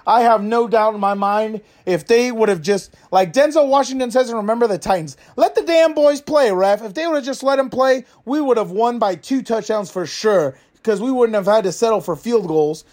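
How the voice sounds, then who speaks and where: A man's voice: sits high, fairly quick, few pauses, a little mellow, lightly acted. A man putting on a fuming young football fan. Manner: ranting, exasperated, crude. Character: fired-up young male football fan, ranting. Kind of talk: comic character monologue.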